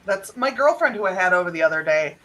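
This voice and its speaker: A woman chatting casually on a livestream, blunt and quick to swear. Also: lowish voice, lively intonation, sharp tone, low-quality recording. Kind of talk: casual chat.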